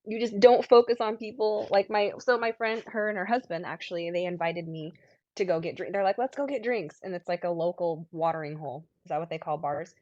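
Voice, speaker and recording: A woman's voice: lowish voice, fairly quick, no room sound. Chatty woman with a muffled voice. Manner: rambling storyteller, acts out quotes in lively voices. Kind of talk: casual chat.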